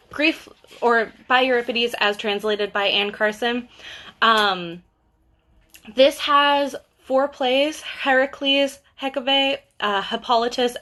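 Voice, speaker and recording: Chatty bright-voiced young woman. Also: high-pitched. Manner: chatty, lots of fillers and asides. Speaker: bookseller hosting a book talk. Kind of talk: casual chat on a livestream.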